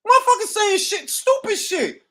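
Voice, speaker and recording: A man's voice: extremely high pitch, moderate pace. A middle-aged man hosting a boxing talk show, ranting profanely and casually on a livestream from home. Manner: profane, animated, riffing. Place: at home, seated.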